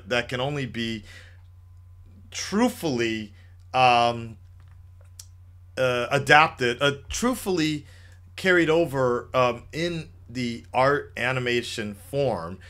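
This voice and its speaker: A man's voice: medium pitch, fairly bright tone. A man hosting a casual call-in livestream, chatting loosely with lots of fillers and restarts. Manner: chatty, laid-back, many fillers and restarts. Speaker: livestream host taking calls.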